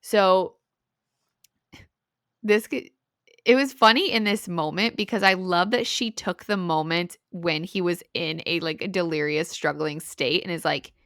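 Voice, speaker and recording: Chatty woman with a gravelly edge. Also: on the low side, unhurried, dry recording, clean studio sound. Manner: animated retelling, lots of "like" and "right?". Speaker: podcast co-host. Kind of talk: casual book-review chat.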